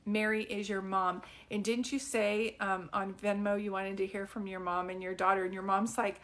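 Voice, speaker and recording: A woman's voice: medium pitch, flat delivery, moderate pace, few pauses, a bit bright. A middle-aged woman, a psychic medium, giving a chatty live-stream reading, full of fillers, questions and laughs.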